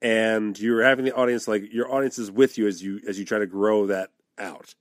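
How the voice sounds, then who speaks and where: A man's voice: lowish voice, steady tone, a little fast, no echo, studio quality. A man co-hosting a podcast, crude and joking in casual chat. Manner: joking, crude, riffs on improv. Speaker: podcast co-host.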